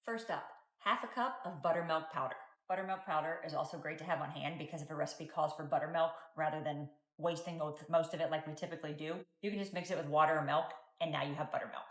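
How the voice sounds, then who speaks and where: A woman's voice: sits low, quick pace, hardly any pauses. A young adult woman, a mother, giving direct and practical cooking and parenting tips to camera.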